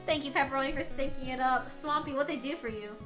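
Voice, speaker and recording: A woman's voice: high voice, fast talker, music in the background. An American woman chatting casually on a live stream, giggly and rambling, laughing often. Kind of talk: casual chat.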